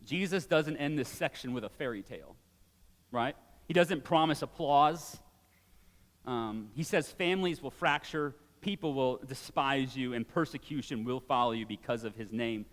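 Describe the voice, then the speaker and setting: A man in his forties preaching a sermon as a pastor, conversational and animated, with frequent asides to the congregation. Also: mid-range voice, normal speed, long reverb tail.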